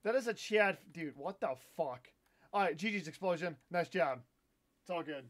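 A man's voice: fairly high pitch, animated, normal speed, a bit bright. A young man streaming a live game with viewers, chatting, swearing and bursting into frustrated outbursts. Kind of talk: live gameplay stream commentary.

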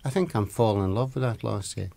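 A man's voice: fairly low pitch, fast talker, gravelly, mellow, no room sound. A storyteller voicing a young prince from a folk tale with an Aberdeen accent, earnest and smitten. His speech sounds dry and close to the mic, in the storyteller's own natural register. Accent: Scottish, Aberdeen.

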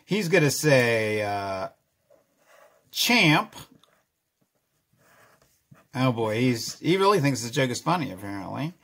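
A man's voice: mid-range voice, expressive, moderate pace, vocal fry, few pauses, slightly rough. A middle-aged man chatting casually through a drawing tutorial, self-deprecating and chuckling as he goes. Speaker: children's author drawing a comic.

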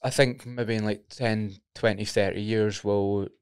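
A man's voice: lowish voice, fairly even intonation, unhurried, darkish tone, clear, resonant tone, dry recording, studio quality. A Scottish man hosting a podcast, telling stories in a laid-back, casual way. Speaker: podcast host.

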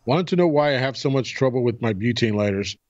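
A man's voice: medium pitch, lively intonation, quick pace, darkish tone, dull audio. A man co-hosting a podcast in casual chat, easygoing and rambling, often restarting his sentences. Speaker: podcast co-host.

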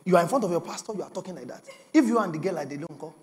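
A young adult Nigerian man preaching a sermon as pastor, telling stories with bursts of shouting and laughter. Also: high-pitched, expressive, rapid-fire.

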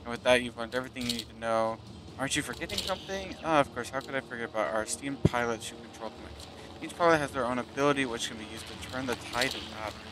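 A gaming video host gives casual commentary at a fast clip in a medium-pitched voice, joking and tripping over words while reading tutorial text aloud. Loud game music plays behind him, making the background noisy.

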